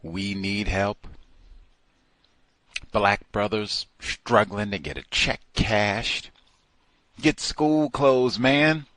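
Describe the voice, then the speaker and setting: Slow, deliberate low-voiced male host. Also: steady tone, a bit bright, dry recording. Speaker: radio show host. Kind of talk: call-in radio talk.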